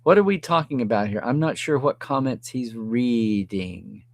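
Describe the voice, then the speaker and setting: A middle-aged man hosting a live stream, reading viewer comments aloud and reacting in a chatty, animated way. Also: medium pitch, normal speed, vocal fry, no echo.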